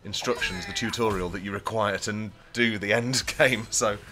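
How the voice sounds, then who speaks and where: A man's voice: lowish voice, steady tone, normal speed, over music. A man game reviewer chatting casually, explaining things in a dry, matter-of-fact way. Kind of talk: casual chat.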